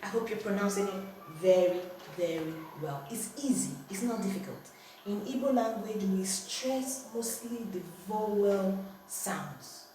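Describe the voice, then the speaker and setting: A woman's voice: medium pitch, lively intonation, a little slow, hardly any pauses, mellow. A woman with a Nigerian accent teaching a language lesson at home, firmly correcting and repeating words with exaggerated tones. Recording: echoey room, distant mic, faint noise.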